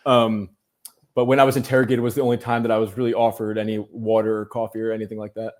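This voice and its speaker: A man's voice: lowish voice, level tone, quick pace. A man, a guest journalist in a casual podcast interview, telling a long story with many "um"s and restarts.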